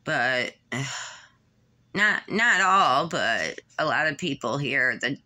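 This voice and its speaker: Woman vlogger, breathless and halting, bright tone, unhurried emotional rambling. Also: extremely low pitch, lively intonation. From Michigan, USA. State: short of breath, tight-chested. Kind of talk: personal vlog monologue.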